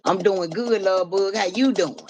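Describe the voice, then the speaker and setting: A woman's voice: mid-range voice, normal speed, a little hiss or hum. A woman hosting a live stream in casual talk, repeating rhythmic, profane hype chants to her viewers.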